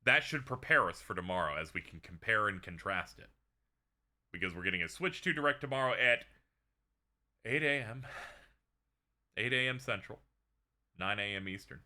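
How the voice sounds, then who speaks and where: A man's voice: fairly low pitch, expressive, normal speed, long pauses, pushed and bright. A man hosting a stream in casual chat, sarcastic and joking. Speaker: streamer host.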